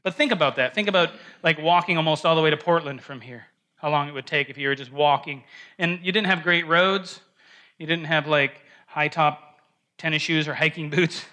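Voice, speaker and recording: A man's voice: on the high side, sharp tone. A man teaching an informal Bible study class in a church room, talking conversationally, often asking the group questions and restarting his phrases.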